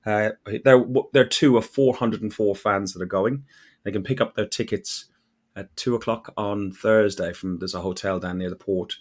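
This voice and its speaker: A man's voice: on the low side, steady tone, moderate pace. A man from Ireland hosting a casual podcast chat, talking in a chatty way and often repeating words as he starts a sentence. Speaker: podcast host.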